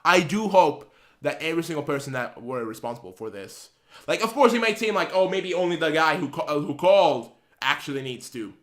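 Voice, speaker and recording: A man's voice: on the high side, animated, a little fast, a bit bright. A man on his channel ranting heatedly, swearing and repeating himself as he vents. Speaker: channel host. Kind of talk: angry vlog rant.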